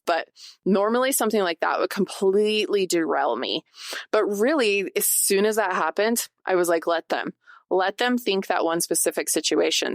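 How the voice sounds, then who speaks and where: This podcast host, a woman in her forties, chats casually and confessionally with her audience, dropping plenty of "like" fillers. She has a fairly low-pitched voice, captured in studio quality without any room sound.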